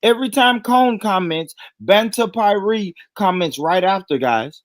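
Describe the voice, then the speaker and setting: A high-voiced American man on a livestream, loud and teasing, breaking into laughs between jabs. His voice sits dry and close, with no room sound around it. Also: lively intonation, unhurried, no room sound. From United States. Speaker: stream co-host. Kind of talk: casual livestream banter.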